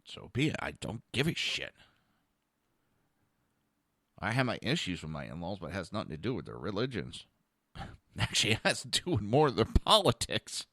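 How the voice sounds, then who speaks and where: A man's voice: on the low side, wildly swooping pitch, a little fast, bright, forceful tone, no room sound, studio quality. A middle-aged man hosting a podcast, ranting bluntly with profanity and mocking asides. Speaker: podcast host. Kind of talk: ranting political commentary.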